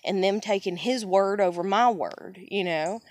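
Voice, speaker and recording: A woman's voice: mid-range voice, unhurried. Candid rambling woman, swears freely. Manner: candid, swears often, says "you know" a lot; rambling, restarts sentences. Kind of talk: casual personal monologue.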